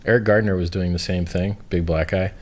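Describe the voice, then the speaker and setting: A man's voice: low-pitched, steady tone, brisk, a little mellow. A man hosting a livestream, chatting casually in a blunt, opinionated way with frequent swearing. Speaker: livestream host. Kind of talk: casual chat.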